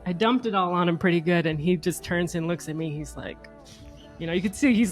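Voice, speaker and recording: A woman in her thirties, a mother and podcast co-host, telling a personal story in a chatty, animated way, with frequent laughs and fillers. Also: fairly low pitch, fairly quick, soft background music.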